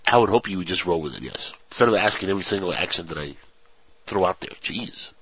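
A man's voice: sits low, expressive, fast, a bit bright, breathy edge, dry recording, low-quality recording. Joking man co-hosting radio banter. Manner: joking, playful, slips into mock accents. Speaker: radio show co-host. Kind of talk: casual banter reading news stories.

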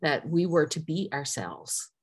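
Middle-aged newfoundland woman, lowish voice, musing slowly in an interview, lots of uh and you know. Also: very animated, slightly rough. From Newfoundland, Canada. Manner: reflective, earnest, many fillers and restarts. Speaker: guest. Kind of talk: casual conversational interview.

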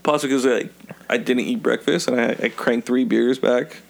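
A man's voice: medium pitch, fairly even intonation, moderate pace, creaky. A man co-hosting a podcast, talking casually and rambling with repeated words. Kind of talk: casual chat.

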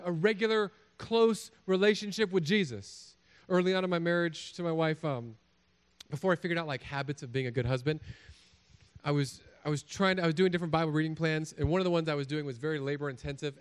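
A man preaching a sermon as a pastor, telling jokey stories and acting out little voices. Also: medium pitch. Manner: animated, jokey storytelling with acted-out voices.

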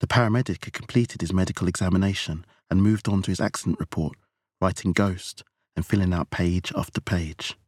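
Male narrator for audiobook, very low voice, dry close recording. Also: steady tone, a little fast, a little mellow, slightly rough, dry recording.

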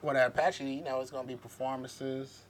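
A man's voice: mid-range voice, little pitch movement, a little fast, slight background noise. A man hosting a podcast in casual chat, laid-back, joking and questioning. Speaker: podcast host.

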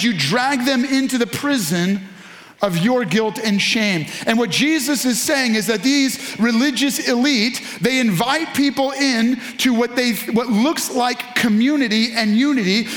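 A man preaching in a high voice, his sermon animated as he reads scripture and speaks straight to the people in front of him. He calls on them to answer back and swings from quick runs of words to slow, stressed phrases. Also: roomy sound. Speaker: pastor.

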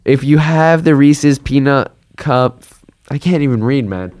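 A man's voice: medium pitch, a little slow, a little mellow. A drunk man co-hosting a podcast, rambling and arguing playfully in casual banter. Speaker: podcast co-host.

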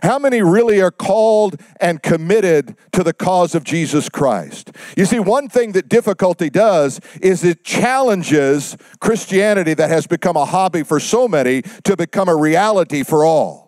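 A male pastor delivering a sermon, pausing for effect and dropping his voice low for God's words. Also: lively intonation, darkish tone, no echo. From United States.

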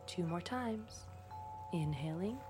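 A woman guiding a slow breathing and voice exercise in a calm, coaching manner. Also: on the low side, over music. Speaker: voice instructor.

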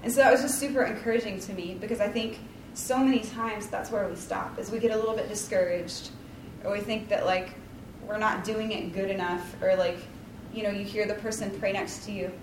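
A woman's voice: mid-range voice, fairly even intonation, fairly quick, background noise. Chatty woman leading bible study, lots of likes and ums, kinda far off in an echoey room. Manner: chatty, rambling, full of likes and ums, self-deprecating. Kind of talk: casual devotional talk. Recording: roomy, distant mic, faint ambience.

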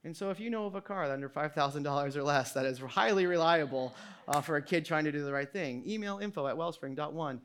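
A man, a pastor who is a parent, preaching a sermon in an animated way, swinging between loud emphasis and quiet asides and laughing often. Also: fairly high pitch, fast talker, clear, resonant tone. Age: adult parent.

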